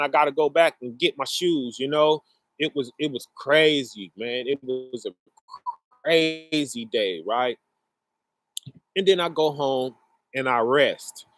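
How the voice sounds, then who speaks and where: Middle-aged guy telling his story, kinda high voice, earnest, speeds up and slows down, dead dry room. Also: fairly bright tone, dry recording. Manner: conversational, often checks in with "right?" and "you know"; emotional and earnest, pace swings between rushed and slow. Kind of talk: personal testimony, casual storytelling.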